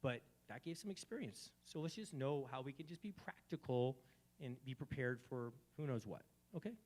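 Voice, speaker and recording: A man hosting a live community gathering, speaking fervently about faith and swinging between soft and loud phrases. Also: mid-range voice, lively intonation, normal speed. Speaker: event host. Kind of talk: spiritual talk at a live gathering.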